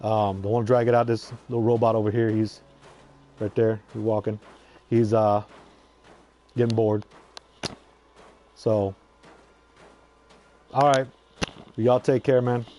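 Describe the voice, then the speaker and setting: A man's voice: fairly low pitch, little pitch movement, measured pace, long pauses, mellow, slight background noise. A man giving a casual, heated movie review on his vlog, swearing often and repeating himself. He speaks into a lapel mic clipped to his shirt. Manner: heated, profane, repetitive ranting. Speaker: vlogger.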